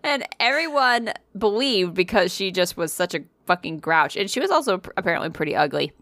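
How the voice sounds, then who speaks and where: Woman, low-pitched, casual podcast storyteller, profane, laughing, dry close sound. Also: animated, fairly quick, fairly bright tone, no echo. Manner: profane, laughs often, self-deprecating. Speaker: podcast co-host.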